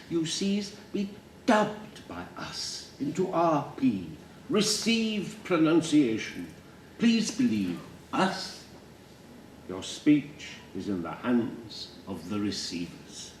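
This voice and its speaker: A man's voice: sits low, slow pace, hardly any pauses, a little mellow, a little hiss or hum. A man putting on the voice of a prim, disapproving English teacher, with haughty, over-enunciated posh diction. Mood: scolding. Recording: roomy hall, distant mic, faint ambience.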